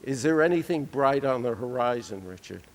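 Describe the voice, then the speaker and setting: A man voicing a gentle, soft-spoken male priest who has invested money, speaking low and slow in a hushed way. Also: animated, natural voice. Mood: hushed concern.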